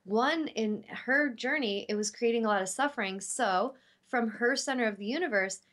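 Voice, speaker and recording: A woman's voice: on the high side, normal speed, a bit bright. A woman who works as an intuitive healer, talking earnestly and from the heart about love and forgiveness, with casual fillers. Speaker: intuitive healer and show host. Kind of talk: spiritual teaching talk.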